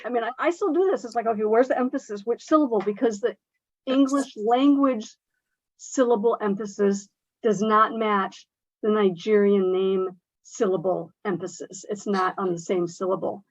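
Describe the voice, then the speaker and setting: A woman's voice: medium pitch, fairly even intonation, normal speed, dry recording, dull audio. A woman who teaches English as a second language, speaking earnestly and emphatically with many fillers in a workshop discussion. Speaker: ESL instructor.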